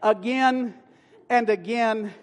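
A man's voice: sits high, slow. A man pastor preaching a sermon in a church, folksy and playful with sudden emphatic bursts. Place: church sanctuary. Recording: long hall reverb.

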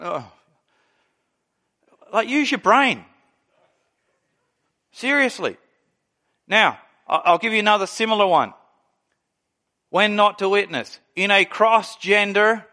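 A man preaching a sermon, telling stories with lively delivery and acting out the people he quotes. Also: sits high, takes it slowly, long pauses. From Australia. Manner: animated storytelling, acts out quoted people. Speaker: pastor.

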